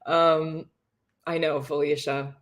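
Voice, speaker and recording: A woman's voice: low-pitched, little pitch movement, takes it slowly. A woman hosting a casual livestream, chatting, laughing and reading viewer comments aloud. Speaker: livestream host reacting to a reality show.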